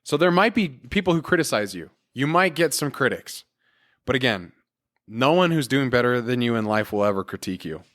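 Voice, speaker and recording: A man's voice: medium pitch, animated, brisk, a bit bright. A man hosting a solo motivational podcast, talking in an earnest, encouraging and casual way with everyday fillers. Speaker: podcast host.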